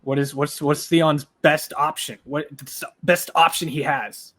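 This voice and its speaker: Bright-voiced man groaning through a reaction. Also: on the high side, unhurried. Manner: expressive, groans and swears in awe. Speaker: reaction video co-host. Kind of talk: casual reaction commentary.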